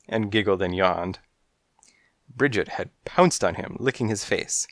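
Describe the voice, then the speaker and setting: A man reading a hard-boiled detective story aloud in a deadpan, first-person narration. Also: lowish voice, normal speed, dry recording, studio quality. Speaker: audiobook narrator.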